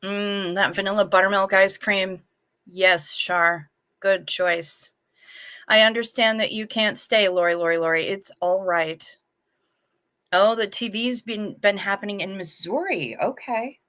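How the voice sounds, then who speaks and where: A woman's voice: medium pitch, measured pace, a bit bright. A woman hosting a casual live stream, chatting frankly with viewers and swearing now and then, sounding anxious.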